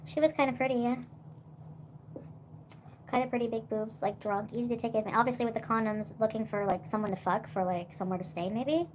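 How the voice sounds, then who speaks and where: A woman's voice: fairly high pitch, steady tone, fast talker, slight background noise. A young woman livestreaming, rambling in casual chat with lots of "like" and swearing.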